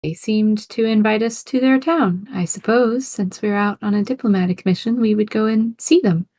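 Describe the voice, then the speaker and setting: A woman playing in a tabletop role-play session, easygoing and quick to laugh. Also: mid-range voice, warm tone, dry recording. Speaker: player.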